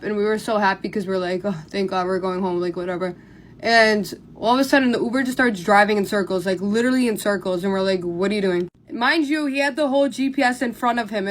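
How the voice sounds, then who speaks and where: A young woman chats straight into her phone camera, telling a story. Her talk runs loose and casual, full of "like" fillers and quick asides. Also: medium pitch, a bit bright. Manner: rapid, filler-heavy telling with many "like"s. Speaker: storytime vlogger.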